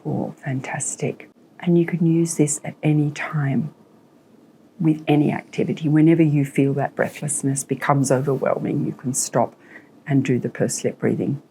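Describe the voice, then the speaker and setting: Health coach, woman, low gravelly voice, soft mellow tone, faint room noise. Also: moderate pace. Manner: calm, encouraging instructions. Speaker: health professional coaching breathing. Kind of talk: guiding a breathing exercise. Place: clinic room.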